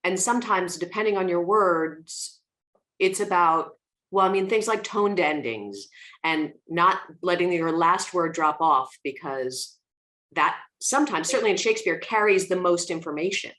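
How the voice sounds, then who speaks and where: A woman with a somewhat low voice hosts a relaxed online theatre chat. She asks questions and shares stories from the stage, laughing easily as she goes. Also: moderate pace. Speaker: host of a theatre talk. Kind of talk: casual online interview.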